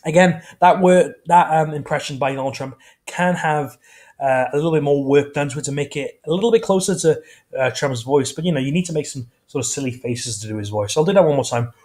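A man's voice: fairly high pitch, fairly quick, darkish tone. A man hosting his own video channel, chatting casually in a rambling way and correcting himself often. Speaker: YouTube host. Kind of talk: casual vlog chat.

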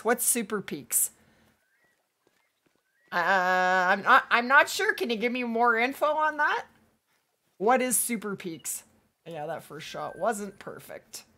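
A woman hosting a hunting-game livestream, chatting casually with viewers and reading their messages aloud, her voice going hoarse from days of streaming. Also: medium pitch, animated, bright, forceful tone. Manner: upbeat, chatty, reads chat aloud, quick to laugh. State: losing her voice. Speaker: livestream gaming host. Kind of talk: casual livestream chat while playing.

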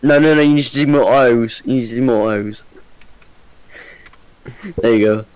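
A man's voice: medium pitch, normal speed, a little mellow, clean tone, dry recording, poor audio. A young man chatting as a friend on a live stream, rambling and hesitant with many ums. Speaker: co-host friend. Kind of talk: casual live-stream chat.

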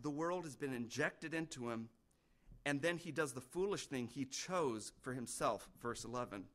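A middle-aged male pastor preaching a sermon, earnest, with sudden rises in pitch and loudness.

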